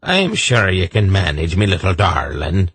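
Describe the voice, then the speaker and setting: A man's voice: fairly low pitch, lively intonation, measured pace, a bit bright, slightly rough, no room sound, pitched above the performer's own voice, heavily acted. Give me a man playing a boastful little hunchback with a teasing brogue. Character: gnarled little hunchback sorcerer, cocky.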